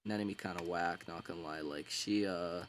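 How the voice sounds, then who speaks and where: A man with a fairly low voice recaps a story in a loose, rambling way. He leans on filler words and slang and keeps an irreverent, offhand tone. A faint hiss sits in the background. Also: fairly even intonation, moderate pace. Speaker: book summarizer. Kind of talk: casual rambling retelling.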